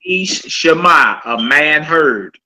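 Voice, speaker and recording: A man's voice: a little high, lively intonation, takes it slowly, sharp tone, slight background noise, low-quality recording. A man teaching a casual Hebrew vocabulary class. He often checks in with "all right?" and repeats each word.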